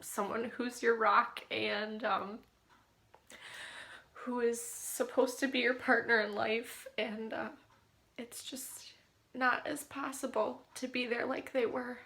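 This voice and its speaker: Emotional woman with a gravelly voice. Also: a little high, steady tone, slow, a bit bright. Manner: emotional, often dropping to a whisper. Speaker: caregiver to her husband. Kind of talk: personal video diary.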